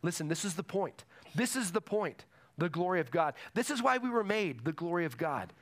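A man's voice: sits high, lively intonation, normal speed, a bit bright. A man preaching a sermon to a congregation in a church, emphatic and repeating his key phrases. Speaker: pastor.

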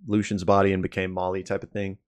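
Deep-voiced man explaining calmly. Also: clear, resonant tone, no room sound. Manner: measured, hesitant explanations. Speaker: podcast co-host. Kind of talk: casual chat about a show.

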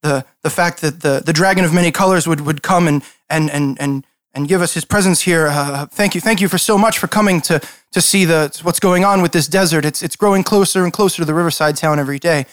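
A man's voice: fairly high pitch, fairly quick, no room sound, studio quality, lightly acted. A man voicing a nervous young female town guard who stammers and fumbles her words. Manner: stammering, flustered.

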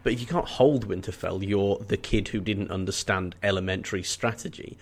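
A man's voice: low-pitched, brisk, slightly rough. Wry, opinionated man. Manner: wry, opinionated, jokey asides. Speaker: podcast co-host. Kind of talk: casual book discussion.

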